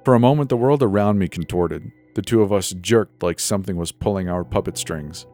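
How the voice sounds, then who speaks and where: A man with a very deep voice narrates a horror story in a measured, dramatic way. Faint music plays underneath. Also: dark tone.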